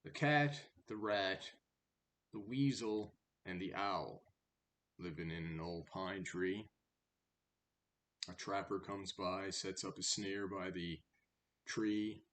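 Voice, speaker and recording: A man reading a verse fable aloud, then retelling it in a relaxed, chatty way. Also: low voice, slow, pauses often. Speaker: storyteller.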